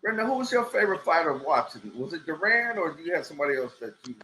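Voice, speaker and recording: A man co-hosts in a slow, musing way, his bright voice rising and falling a lot. He sounds as if he is in an echoey room with faint noise behind him. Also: fairly high pitch, big pitch swings. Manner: slow, thinking aloud, asks the questions. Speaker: podcast co-host. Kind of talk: casual podcast chat.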